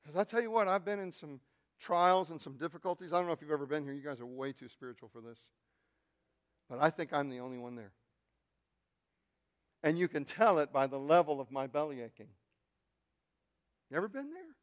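Storytelling male preacher, hushed to shouting. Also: a little high, brisk, long pauses. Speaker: pastor. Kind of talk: sermon.

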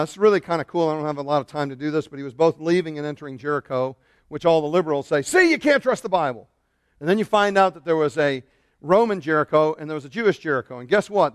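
A middle-aged man, a pastor, preaching a lively sermon and shouting out the lines he quotes. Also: fairly high pitch, dry recording, clean studio sound.

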